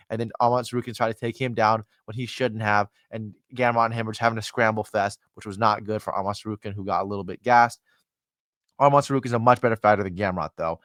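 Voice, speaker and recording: A man hosting a casual, rambling monologue of fight predictions, animated and swearing casually while acting out fighters' thoughts. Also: fairly low pitch, fast, no room sound, studio quality. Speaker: MMA analyst host.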